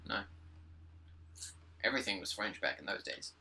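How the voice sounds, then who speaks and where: A man's voice: fairly low pitch, expressive, normal speed, gravelly, pauses often, background noise. A young man doing casual gameplay commentary at home, sarcastic and exasperated as he banters with a friend. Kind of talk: casual let's play commentary. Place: home room.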